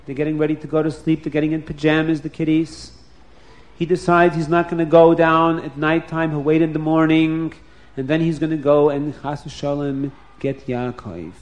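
A man narrates a story to children with lively, dramatic expression, often turning to speak to them directly. His voice sits slightly high for a man.

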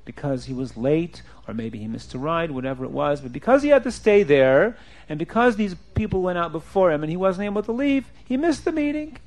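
A man with a fairly high voice tells a story to a class of boys. He keeps it animated, leaping in pitch and acting out each speaker in the tale. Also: brisk, few pauses. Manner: animated, jumps in pitch and acts out quotes. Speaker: teacher telling a story to boys. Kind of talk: storytelling lesson.

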